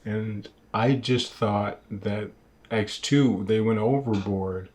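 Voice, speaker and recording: A man's voice: lowish voice, steady tone, slow, a little mellow. A man co-hosting a casual film podcast over a video call, laid-back and rambling, with many fillers. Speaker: podcast co-host.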